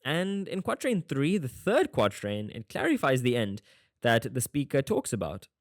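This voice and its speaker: A man's voice: mid-range voice, huge pitch swings, normal speed, no room sound, studio quality. A man teaching an exam-prep poetry lesson in a casual, jokey way, often veering off on tangents. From South Africa. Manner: chatty, jokey, prone to tangents. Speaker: online tutor.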